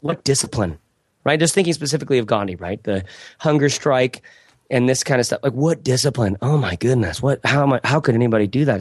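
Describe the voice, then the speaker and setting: Man, casual podcast talk, rambling, reflective, average pitch, dry close mic. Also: dry recording. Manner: rambling, reflective, laughs often.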